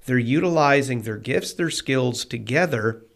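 A man's voice: medium pitch, animated, measured pace, gravelly. A man co-hosting a casual podcast, retelling movie scenes with animation and reading scripture passages aloud. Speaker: podcast co-host. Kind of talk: casual film discussion podcast.

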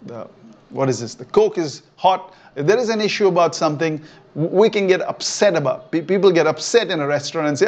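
A man's voice: fairly high pitch, expressive, fairly quick, a little mellow. A man preaching a sermon in a conversational way, often checking in with his listeners. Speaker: pastor. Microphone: online church stream.

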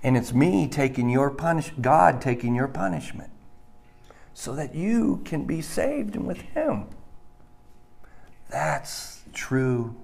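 Male pastor mid-sermon, measured and unhurried, emphatic with dramatic drops to a hush. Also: big pitch swings, gravelly. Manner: emphatic, swings between loud stresses and hushed low lines.

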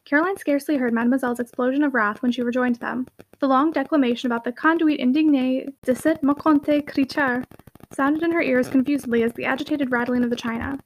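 A woman narrating a classic novel aloud. Her voice is high and her pace quick, and she tells the story in a steady, expressive way. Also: rough recording. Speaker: audiobook narrator.

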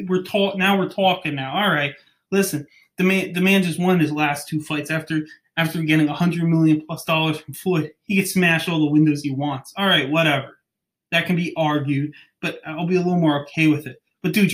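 A man's voice: fairly high pitch, steady tone, a little fast, fairly bright tone. A young man hosting a podcast, chatting casually, rambling and ranting, often stumbling over names. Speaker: podcast host. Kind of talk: casual chat.

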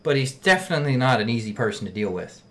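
A man's voice: mid-range voice, lively intonation, fast. A man in casual chat, blunt and heated, swearing often as he tells his side of a story.

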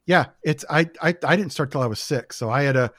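A man's voice: a little high, fairly quick, fairly bright tone, dry recording, studio quality. A man from the United States chatting casually as a podcast guest, telling rambling, enthusiastic stories with lots of fillers.

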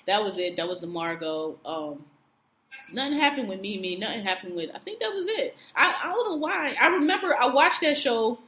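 A woman co-hosts a casual podcast, her voice sitting a little high. She talks loosely and profanely, acting out what people said and laughing along. The room around her rings with echo. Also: a little fast. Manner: animated, profane, acts out quotes with laughter. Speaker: podcast co-host. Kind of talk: casual chat recapping a reality show.

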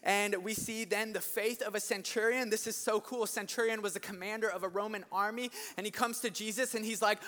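Energetic male pastor, high bright voice, animated storytelling sermon, echoing church hall. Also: a little fast, hardly any pauses. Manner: animated storytelling, acts out voices, rising to shouts. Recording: long hall reverb.

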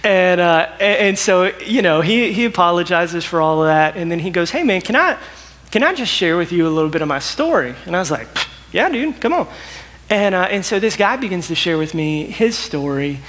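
High-voiced folksy preacher. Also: male voice, fairly quick. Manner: folksy, animated storyteller with frequent repetitions. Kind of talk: sermon with storytelling.

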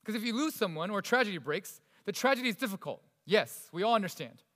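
A male pastor delivering a sermon, swinging between loud emphasis and hushed, soft passages. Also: high-pitched, animated, fast talker, long reverb tail.

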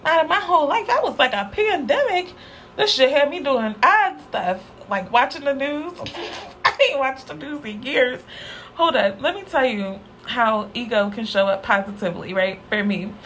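A young woman with a fairly high voice, riffing alone on her podcast in loose, candid slang. She laughs easily and her pitch leaps upward when she wants to stress a point. A faint hiss of noise sits under the recording. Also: animated, moderate pace, fairly bright tone, poor audio. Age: young adult. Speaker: podcast host. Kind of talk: casual solo podcast monologue.

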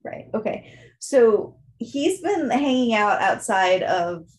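A woman's voice: a little high, very animated, slow pace. A woman co-hosting a casual book discussion, recapping the plot in a chatty way with many fillers. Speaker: book podcast co-host.

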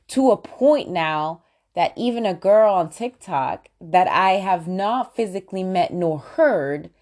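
A woman hosting a talk, coaching listeners on personal branding in an animated, motivational way. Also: mid-range voice. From London-based. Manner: animated, sing-song repeated greetings, coaching tone. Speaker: podcast host and branding coach. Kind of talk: motivational monologue.

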